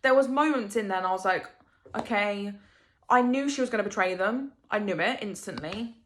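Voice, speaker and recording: A woman's voice: medium pitch, fast talker. A young woman vlogging a casual book review, rambling emotionally and asking rhetorical questions.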